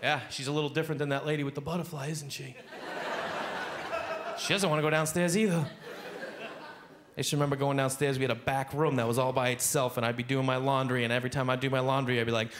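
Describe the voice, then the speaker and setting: A man doing a stand-up comedy set on a club stage, animated and jumping into high-pitched acted voices, with a handheld stage mic. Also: quick pace. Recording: live club recording with audience noise. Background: audience laughter.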